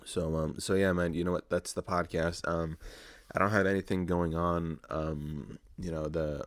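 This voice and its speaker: A young man in his early twenties with an extremely deep, low voice talks alone into a podcast mic, swearing freely and mocking himself as he rambles. The sound is dry and close, with no room echo. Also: level tone, normal speed. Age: early 20s. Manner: profane, rambling, self-mocking storytelling. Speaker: podcast host. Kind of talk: casual solo podcast monologue.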